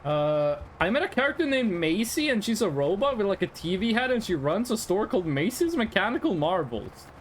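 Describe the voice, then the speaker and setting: Young Norwegian male streamer, high and animated, rambly and chatty with his viewers. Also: brisk, few pauses, slight background noise. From Norway. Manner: rambling, chatty, talks straight to chat. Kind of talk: casual live-stream chat while gaming.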